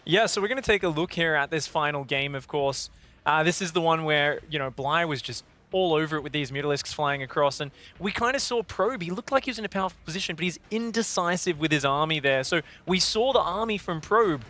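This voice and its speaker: A bright, clear-voiced man with an Australian accent explains replays as a desk analyst. His voice sits a little high for a man, and he talks in steady, explanatory turns. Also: fairly quick. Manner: explanatory, walks through replay. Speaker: esports analyst.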